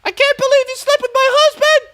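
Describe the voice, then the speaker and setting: A man voicing a furious reality-TV housewife woman, screeching accusations in a high falsetto. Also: flat delivery, brisk, bright, forceful tone, no echo, heavily acted. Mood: shrieking outrage.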